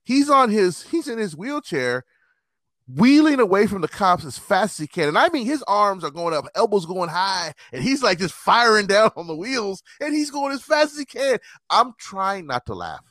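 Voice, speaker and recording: Animated man telling stories. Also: sits high, normal speed, no room sound, studio quality. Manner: animated, profane, laughs through stories. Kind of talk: casual storytelling chat.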